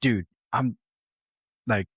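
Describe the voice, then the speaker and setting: A man's voice: lowish voice, very slow, slightly rough, dry recording, studio quality. A man on a podcast telling a rambling, profane story in casual talk, full of fillers.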